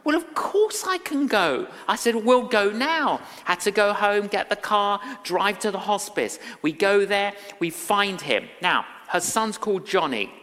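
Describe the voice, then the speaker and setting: Male minister, animated storyteller, reverberant recording. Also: high voice, measured pace, few pauses. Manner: lively storyteller acting out dialogue. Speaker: guest minister. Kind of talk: storytelling sermon-style talk.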